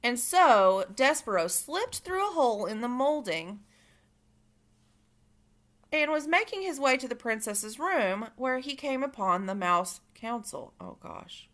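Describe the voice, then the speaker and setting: A woman reading a children's book aloud, expressive and pausing for asides to her listeners. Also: a little high. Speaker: reader. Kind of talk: storybook read-aloud for children.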